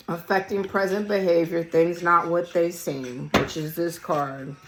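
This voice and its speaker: A hoarse woman, losing her voice, giving a casual collective tarot reading in a blunt, emphatic way and swearing freely. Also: lowish voice, a little hiss or hum, poor audio. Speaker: tarot reader. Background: song playing quietly.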